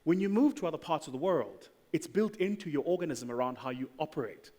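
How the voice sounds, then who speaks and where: A man speaking on a panel, emphatic and opinionated, his loudness rising and falling as he argues. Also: fairly high pitch, expressive, a little fast. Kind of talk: animated panel talk. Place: large event hall. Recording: long hall reverb.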